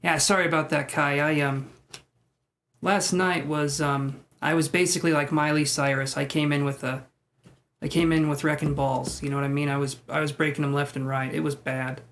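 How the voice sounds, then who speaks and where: A man's voice: a little high, flat delivery, moderate pace, a bit bright, slight background noise. A man live-streaming tarot readings, chatting with viewers in a joking, self-deprecating way. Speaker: tarot reader.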